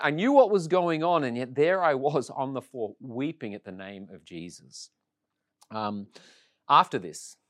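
A man giving a sermon, telling his own conversion story in an animated storytelling way. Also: mid-range voice, no room sound, studio quality. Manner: storytelling, animated when quoting others. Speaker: preacher. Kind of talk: sermon with personal testimony.

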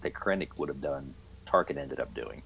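A man's voice: very deep voice, lively intonation, brisk, vocal fry, fairly bright tone, slight background noise. A man on a casual movie review podcast panel, giving blunt, wry opinions.

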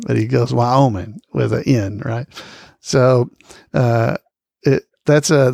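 A man's voice: fairly high pitch, creaky, no room sound, studio quality. A male podcast host chatting casually about trivia, rambling with lots of fillers and small chuckles.

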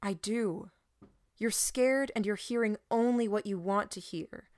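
A woman reading the part of a calm, persuasive male preacher in a dry studio recording. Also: mid-range voice, no echo, close to an everyday voice. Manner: calm, measured.

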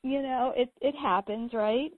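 A woman's voice: sits high, measured pace, no room sound. A middle-aged woman hosting a casual chat, telling anecdotes and laughing often. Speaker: host. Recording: tinny phone-like line, dry.

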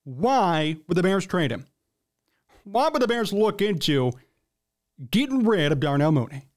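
Emphatic high-voiced sports talk host. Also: male voice, sing-song, a little slow. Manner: emphatic, blunt, riled up. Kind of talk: opinionated sports commentary.

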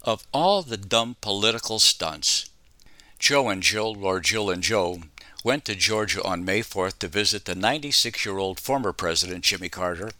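A man's voice: on the low side, sharp tone, dry recording. A man delivering scripted political commentary with sarcastic, mocking asides.

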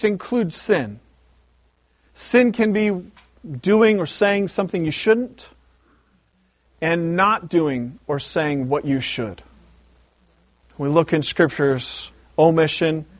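A man's voice: on the high side, no echo. A man preaching a sermon as pastor, telling a story with animation and repeating words for emphasis.

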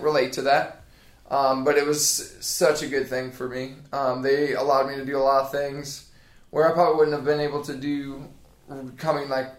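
A man's voice: medium pitch, reverberant. A man in his thirties from Indiana, a personal trainer chatting as a podcast guest in a rambling, laid-back way with lots of fillers. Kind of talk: casual interview chat.

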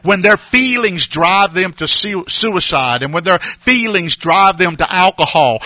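A man preaching an earnest mission appeal, halting and repeating words with many fillers. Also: high-pitched, animated, bright, forceful tone, no room sound, poor audio. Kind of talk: sermon appeal.

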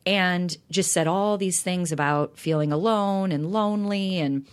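A woman's voice: lowish voice, measured pace, smooth. A middle-aged woman co-hosting a talk show, speaking earnestly and openly about her marriage in casual chat. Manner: earnest, reflective, open. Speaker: podcast co-host.

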